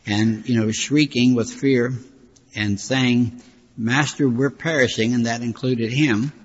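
An older man preaching a sermon in a conversational, folksy way, with frequent asides. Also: medium pitch. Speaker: pastor. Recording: hall reverb, dull lo-fi sound.

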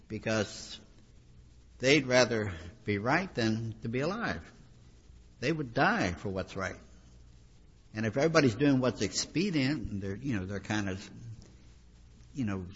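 A man's voice: fairly low pitch, fairly bright tone, breathy edge. A man preaching a sermon in a conversational, emphatic way, repeating phrases for weight, recorded with a dull, lo-fi sound in a reverberant hall.

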